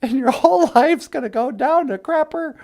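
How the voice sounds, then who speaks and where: A man voicing a cheery, brisk female talk-show host on a puppet comedy podcast. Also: very high-pitched, a little mellow. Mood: chirpy. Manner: cheery and brisk, gives advice.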